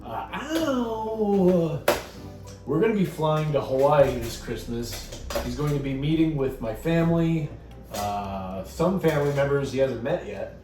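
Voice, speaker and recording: A man's voice: medium pitch, moderate pace. A man hosting a comedic casual vlog, talking in a jokey, self-mocking way. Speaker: host. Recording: roomy sound from a distance with music.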